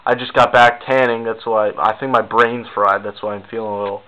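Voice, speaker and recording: A man's voice: mid-range voice, fairly even intonation, a little fast, pushed and bright, highs cut off. A young man rambling casually to the camera in a goofy, self-mocking vlog. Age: young adult. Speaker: video blogger.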